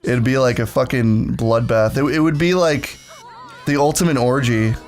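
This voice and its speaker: A man's voice: mid-range voice, moderate pace, soft background music. A man co-hosting a let's play, teasing his friends bluntly and swearing in casual chat.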